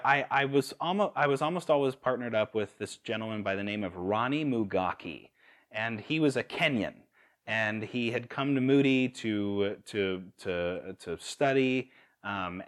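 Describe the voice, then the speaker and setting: A man's voice: mid-range voice, a bit bright. Man preaching a casual sermon. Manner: conversational with fillers and restarts, laughs at own stories.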